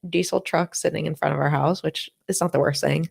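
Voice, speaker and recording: Gravelly-voiced woman telling a chatty story. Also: low-pitched, fairly even intonation, brisk, darkish tone. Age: 30s. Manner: chatty storyteller, acts out quoted dialogue, laughs often. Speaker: podcast co-host. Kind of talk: casual chat.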